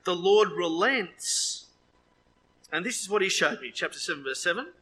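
A man preaching a sermon, lively with joking asides, his voice leaping up when he quotes. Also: high-pitched, moderate pace, a little hiss or hum, rough recording.

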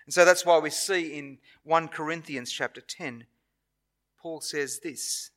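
Australian man preaching, fairly high voice. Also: a bit bright. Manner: earnest, measured preaching with frequent pauses and self-corrections. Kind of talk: sermon. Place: church.

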